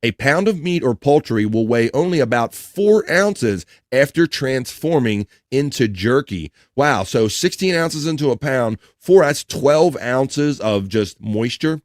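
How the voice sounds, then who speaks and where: A man hosts a relaxed live stream, chatting loosely, reading trivia and chat messages aloud. He jokes often, trips over hard words and swears when he fumbles. His voice is recorded close and dry, with no room sound. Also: medium pitch, unhurried, few pauses, no echo. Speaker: livestream host.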